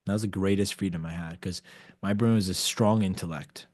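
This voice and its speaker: A man talking as a podcast guest in a casual storytelling style, animated, acting out the dialogue he quotes and often saying "like". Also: sits low, brisk, dry recording. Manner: animated storyteller who acts out quoted dialogue, frequent "like" fillers.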